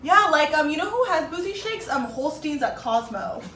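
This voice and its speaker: A young woman in her twenties hosting a casual chat mukbang, bubbly and animated, laughing often. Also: high voice, moderate pace. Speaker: YouTuber host. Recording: echoey room, distant mic, some noise.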